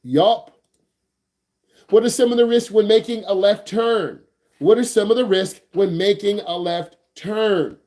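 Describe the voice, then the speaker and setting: Unhurried and a little mellow, this high-pitched man runs an online driving class full of energy and slang, joking around with students and asking his questions more than once.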